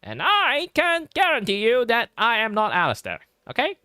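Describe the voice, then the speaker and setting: A man voicing an old-time radio commercial announcer, speaking with a bright, showy announcer delivery. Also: extremely high pitch, huge pitch swings, moderate pace, clean tone, no room sound, studio quality, voice pushed up, exaggerated voice. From Malaysia. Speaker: streamer.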